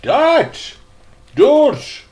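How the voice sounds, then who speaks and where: An older man voicing a cheerful young German girl with a soft, lilting voice in a storybook reading. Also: high voice, expressive, slow pace, slight background noise, pitched above the performer's own voice, heavily acted. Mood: impatient.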